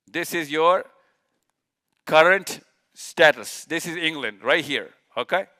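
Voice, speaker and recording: A man's voice: sits high, bright, forceful tone. A man giving a live lecture in an event hall. He is emphatic, repeats key words and asks rhetorical questions that he answers himself. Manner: uses a clicker with slides. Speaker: speaker.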